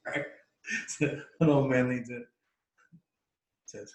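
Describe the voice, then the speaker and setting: A man's voice: medium pitch, fairly even intonation, slow, pauses often. A man casually telling a long story, rambling with restarts, laughs and swearing. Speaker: podcast host telling a story. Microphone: laptop mic. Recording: echoey room.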